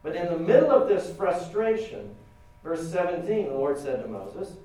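Animated preacher in an echoey hall. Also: male voice, high-pitched, moderate pace, distant mic. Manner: conversational, animated, acts out quotes with humor. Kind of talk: sermon. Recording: roomy echo from off-mic, faint ambience.

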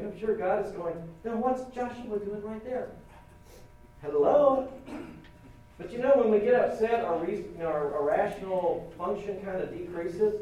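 Animated preacher in an echoey hall. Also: male voice, high-pitched, recorded from a distance. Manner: conversational, animated, acts out quotes with humor. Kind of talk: sermon. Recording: roomy echo from off-mic, faint ambience.

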